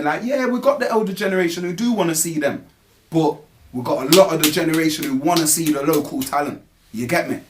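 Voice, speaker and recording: Young guy, grime mc in a casual interview, lots of slang, keeps saying you get me, repeats words starting out. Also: fairly high pitch. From England.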